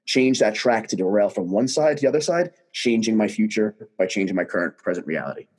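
Husky-voiced man telling a story. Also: fairly low pitch, fairly quick. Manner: animated, emphatic storyteller. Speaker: guest. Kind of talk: casual conversation, storytelling.

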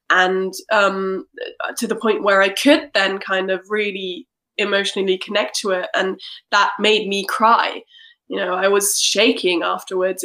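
Woman, podcast co-host, singer, relaxed conversational tone, thoughtful. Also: mid-range voice. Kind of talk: casual podcast chat.

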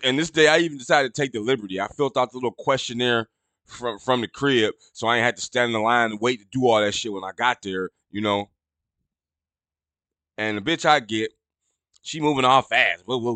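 Profane ranting man, bright and dry. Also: no room sound. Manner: profane, rambling, gets loud and high when indignant. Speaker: podcast host. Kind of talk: casual storytelling rant.

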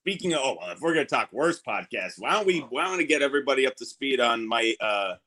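A man rambles in crude, loose banter with his podcast friends. His voice is animated, with a wide pitch range. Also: fast.

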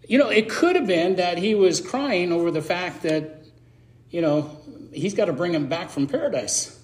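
A man's voice: sits high, animated, moderate pace, a little mellow. A middle-aged man preaching a sermon in a conversational, emotional way, with self-deprecating asides.

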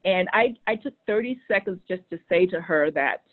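Woman, animated storyteller, quoted voices acted out, thin phone-like sound. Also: fairly low pitch, moderate pace. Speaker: guest telling a story. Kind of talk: conversational storytelling. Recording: tinny phone-like line.

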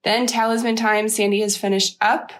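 A woman co-hosting a podcast, upbeat as she reads announcements and listener mail, her voice husky with a slight sore throat. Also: mid-range voice, flat delivery, normal speed. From Chicago area. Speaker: podcast co-host. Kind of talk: casual podcast chat.

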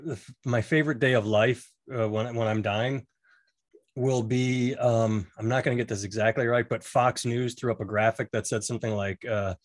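A man's voice: medium pitch, fairly even intonation, normal speed. A man in casual conversation, cutting in with dry, sarcastic jokes. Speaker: podcast co-host, comedian. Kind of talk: casual chat.

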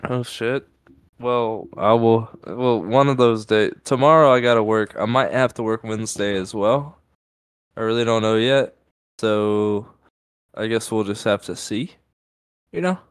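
Tipsy, rambling man with a low voice. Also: measured pace, clear, resonant tone, dry recording. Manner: laid-back, rambling, swearing, joking. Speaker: podcast co-host. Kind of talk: casual chat. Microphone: studio mic, no camera.

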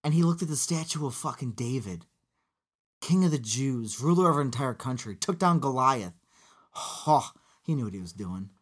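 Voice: mid-range voice, moderate pace, husky. A podcast co-host talking casually about a movie, profane and joking. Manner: animated, profane, jokey asides.

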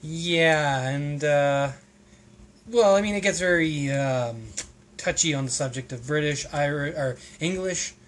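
A man's voice: on the high side, measured pace, fairly bright tone. A man hosting a casual podcast, rambling and hesitant, with plenty of restarts and ums. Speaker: podcast host.

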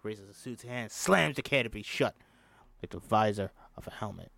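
A man's voice: fairly low pitch, expressive, moderate pace, gravelly, a bit bright, dry recording. A man reading a screenplay aloud as a host, plainly, breaking off with joking asides. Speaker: script reader. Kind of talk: casual script read-through with asides.

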